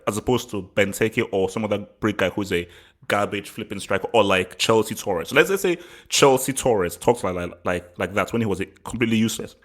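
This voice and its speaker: An English man with a fairly low voice talks briskly, offering his opinions in a casual vlog for his football channel. He rambles, laughs often, and repeats words.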